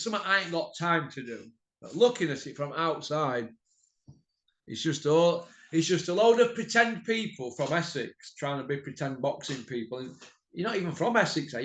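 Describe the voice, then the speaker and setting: A man hosting a boxing channel, ranting bluntly and mockingly to camera and rising to shouts. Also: on the high side.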